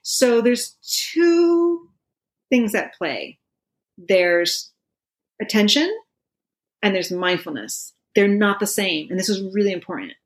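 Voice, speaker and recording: Casting note: a middle-aged woman, relaxed talk-show guest, laughs a lot and says "you know" a lot. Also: fairly low pitch, unhurried, pauses often. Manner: laughs often, many fillers like "you know". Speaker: meditation expert guest. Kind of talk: casual conversational explaining.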